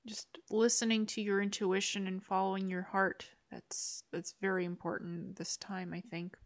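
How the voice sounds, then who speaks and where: Woman host, mid-pitched, earnest and upbeat, spiritual chat. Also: little pitch movement, normal speed. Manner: earnest, upbeat, acts out inner voices.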